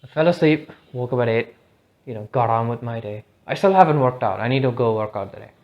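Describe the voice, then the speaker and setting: This India-based podcaster talks on his own at a fairly quick clip, his mid-range voice expressive as he wanders through thoughts, swears freely and keeps restarting. It's an unscripted, casual monologue, and the recording is muffled.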